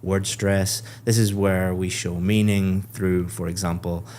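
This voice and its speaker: A man's voice: low-pitched, flat delivery, measured pace, a little mellow, a little hiss or hum. An Irish man, an English teacher, giving encouraging feedback on a speaking test and explaining things patiently. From Ireland. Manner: encouraging, explanatory, laughs often.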